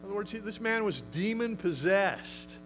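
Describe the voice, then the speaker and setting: Brief: male pastor, conversational and emphatic sermon delivery, somewhat high-pitched. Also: lively intonation, normal speed, a bit bright, faint music behind, poor audio. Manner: emphatic, conversational, acts out quotes.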